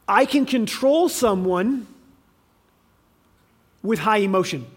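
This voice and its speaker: Man preaching, very high voice, emphatic, loud then soft, restarts often. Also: slow pace, slightly rough. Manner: emphatic preaching, rises and drops in volume, with fillers and restarts. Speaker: pastor. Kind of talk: sermon.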